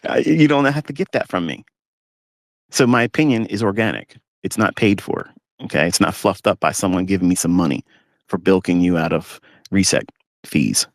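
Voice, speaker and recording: Man, low voice, blunt, ranting, mocking, dry close sound, live audio talk. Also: moderate pace, pauses often, no room sound. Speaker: trading mentor. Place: inside a parked pickup truck.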